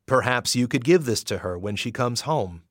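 A man voicing a steady grown man who speaks gently and reassuringly. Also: medium pitch, normal speed, no room sound, clean studio sound, natural voice. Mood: gentle.

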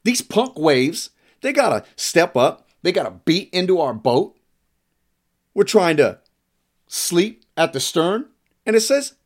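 A man delivers a sermon with an animated, swooping voice that sits a little high for a man. He reads scripture aloud and adds emphatic, playful asides between the verses. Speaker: preacher.

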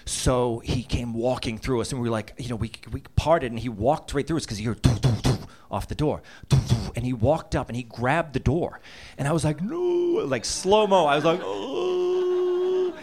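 A man's voice: medium pitch, fairly quick, background noise. A man in his fifties from Massachusetts telling a comic childhood story, laughing through his lines and acting out voices and sound effects. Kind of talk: comedic personal storytelling.

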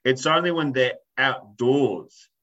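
A man's voice: mid-range voice, takes it slowly, fairly bright tone, lo-fi sound. A man telling a story in a casual chat, ranting animatedly, swearing and acting out the people in it.

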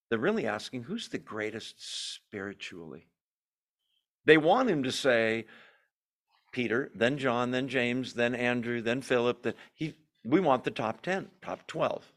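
Lively man teaching Bible study. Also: medium pitch. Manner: lively, joking, conversational.

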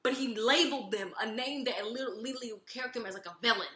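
A woman's voice: fairly high pitch, very fast, bright, forceful tone, echoey room. A woman co-hosting a podcast, chiming in often and laughing during casual political chat. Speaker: podcast co-host.

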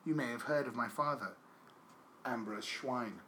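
A man's voice: medium pitch, measured pace, bright, forceful tone, a little hiss or hum. Man hosting, jokey banter. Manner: jokey, reads a letter in mock-solemn tone. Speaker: podcast host. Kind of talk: comedic podcast banter.

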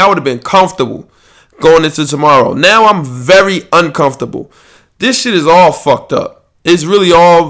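A man's voice: on the high side, a bit bright. A young man hosting a sports podcast, ranting in a heated, profane, casual way. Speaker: podcast host.

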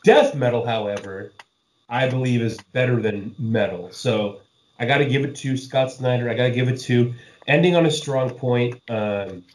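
A man co-hosting a casual podcast chat, excitable and profane, laughing often and swearing freely. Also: medium pitch, normal speed, reverberant, poor audio. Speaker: podcast co-host.

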